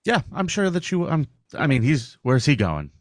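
A man's voice: fairly high pitch, wildly swooping pitch, moderate pace, dry recording. A male stand-up comic hosting a podcast interview, easygoing with dry asides. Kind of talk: casual interview. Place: podcast studio.

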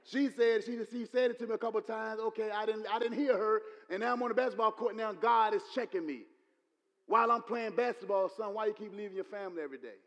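High-voiced preacher in a reverberant hall. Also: male voice, fairly even intonation, fairly quick, highs cut off. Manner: repetitive, building to loud exclamations. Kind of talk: sermon.

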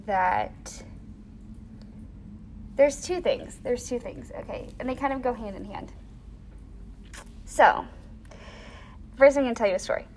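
A young woman in a casual interview, telling a personal story with lively acted-out quotes and lots of "like". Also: a little high, a little slow, pauses often, a little hiss or hum. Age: young adult. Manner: animated storyteller, acts out quoted voices; frequent "like" fillers.

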